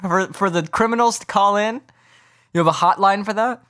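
A man's voice: high voice, moderate pace, fairly bright tone. A man hosting a casual sports podcast, ranting in a rambling, incredulous way. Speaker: podcast host.

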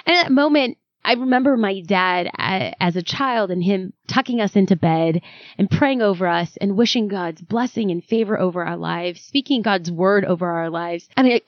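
A woman guest on an interview podcast, telling her story in a dramatic, animated way. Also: mid-range voice, normal speed, no echo, dull audio. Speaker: author and guest.

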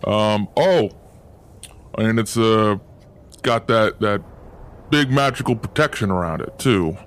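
A man voicing a gruff, folksy male town steward who chews as he talks and rambles on. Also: fairly low pitch, animated, takes it slowly. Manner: drawling, rambling, chewing sounds. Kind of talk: tabletop role-play character voice.

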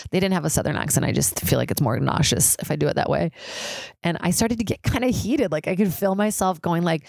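A young woman hosts a casual solo podcast, chatty and swearing, sprinkling in "like" and mimicking others in high, squealing voices. She talks briskly with vocal fry and a slightly mellow tone, on a dry recording.

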